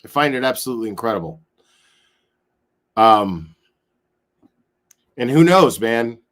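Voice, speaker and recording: A man hosting a live call-in stream, talking in a loose, laughing, animated way. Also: medium pitch, measured pace. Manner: animated, laughing, swearing casually. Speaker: host. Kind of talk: casual live-stream commentary.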